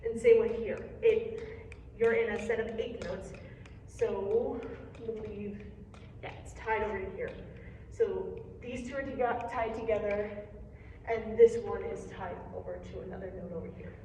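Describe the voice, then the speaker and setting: A warm, medium-pitched female voice, unhurried and carrying a little hiss or hum, belongs to a young percussion teacher. She guides a hands-on lesson with patience and encouragement, explaining each stroke in turn, while the distant mic picks up an echoey room.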